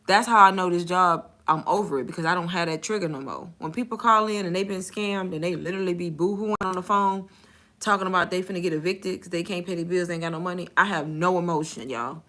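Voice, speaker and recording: A young woman speaking straight to her audience in a casual storytime vlog. Her voice is bright and forceful, and her delivery is candid, blunt and full of slang. She breaks into laughter often as she talks. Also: fairly low pitch, quick pace. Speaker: content creator and bank call center agent.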